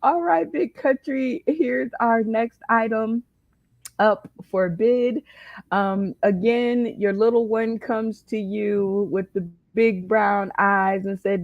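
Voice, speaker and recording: A woman's voice: a little high, lively intonation, slow, dry recording, highs cut off. A woman hosting a comedy game show for dads, teasing the panel with a playful manner. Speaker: host.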